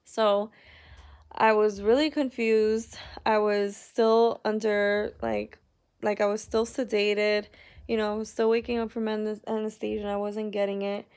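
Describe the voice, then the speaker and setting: A young woman speaks to her viewers in a casual personal vlog, her delivery narrow and monotone. Her voice drags with gravelly vocal fry at a middling pitch. She rambles candidly, leaning on "like" and sounding upset. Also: unhurried. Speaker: vlogger.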